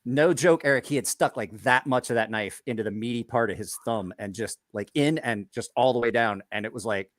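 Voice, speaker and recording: Man, knife maker, casual podcast chat, animated storyteller, middling pitch, dry recording. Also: fairly quick, hardly any pauses, no echo. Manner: animated storyteller, acts out quotes, laughs often.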